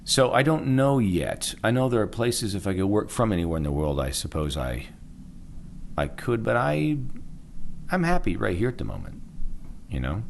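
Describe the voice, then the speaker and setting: A man's voice: lowish voice, very animated, normal speed, vocal fry, a little hiss or hum. A middle-aged man, a voice actor, chatting casually in an interview and rambling with frequent trailing off. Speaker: voice actor guest.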